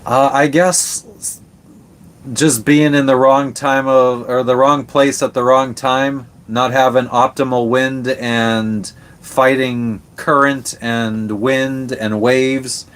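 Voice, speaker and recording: Casual male live-stream host on a boat; relaxed, rambling, salty language, mid-range voice. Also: mid-range voice, takes it slowly. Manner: laid-back, swears casually, rambling with restarts. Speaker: livestream host answering chat. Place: on a sailboat.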